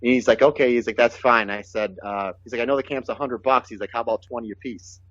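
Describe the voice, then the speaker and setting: A man telling lively stories and quoting the people in them, recorded in a dry, close space. The audio is a little dull and lo-fi, and his voice sits at an everyday middle pitch. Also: fast, no room sound. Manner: animated, quotes others in his stories. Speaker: guest, pro wrestler. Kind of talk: casual storytelling.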